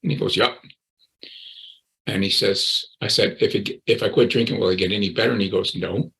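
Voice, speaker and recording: A man's voice: lowish voice, steady tone, quick pace, gravelly, fairly bright tone, rough recording. A man in his sixties, a recovery coach, earnestly telling his personal story in an interview and often repeating his words.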